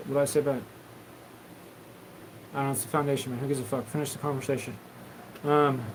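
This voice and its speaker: A man's voice: a little high, a little hiss or hum, poor audio. A man hosting a live stream, talking in a loose, rambling, profane stream of consciousness. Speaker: livestream host.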